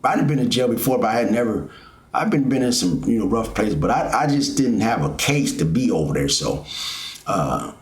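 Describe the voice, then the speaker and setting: Middle-aged man, low-pitched, loose rambling storyteller, recorded with room echo. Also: big pitch swings, moderate pace. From Fort Worth, Texas. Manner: rambling, with many fillers. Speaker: vlogger. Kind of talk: casual storytelling. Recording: roomy echo.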